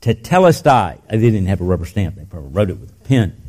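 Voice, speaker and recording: An older man preaching a sermon in a church, telling stories and dropping into soft, intense passages. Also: sits low, rapid-fire, breathy edge. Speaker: pastor.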